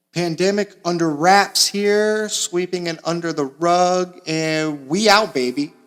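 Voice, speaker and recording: A young man from Florida hosting a podcast, delivering a crude, sarcastic comedic monologue that swings between mumbling asides and loud bursts. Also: a little high, smooth. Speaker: podcast host. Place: small makeshift home recording space.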